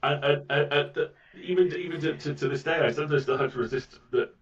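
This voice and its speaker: Soft-voiced British man, muffled distant mic. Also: on the high side, fast talker, noisy background. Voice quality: soft, mellifluous voice. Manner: rambling, with frequent repeats of words. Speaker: voice actor guest. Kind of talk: casual interview chat.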